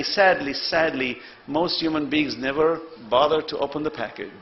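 A man preaching a sermon to a congregation in an earnest, rhetorical way, building to loud emphasis. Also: fairly high pitch, lo-fi sound.

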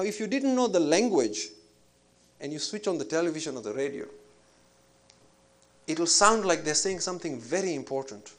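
Reflective man giving a spiritual talk. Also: fairly high pitch. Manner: measured, reflective, with hesitant fillers. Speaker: Islamic preacher. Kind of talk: spiritual lecture.

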